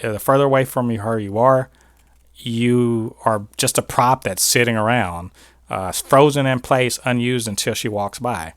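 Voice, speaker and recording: A man of ordinary pitch hosts a casual review show, talking fast through his opinions with frequent restarts and side remarks. His voice is recorded close and dry, with no room sound around it. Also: no room sound. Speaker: podcast host reviewing TV. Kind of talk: casual spoiler review monologue.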